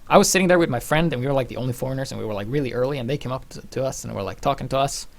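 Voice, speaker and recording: A young man from Norway, telling personal stories casually in a rambling, animated way with free swearing. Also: mid-range voice, very fast, gravelly. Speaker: channel host.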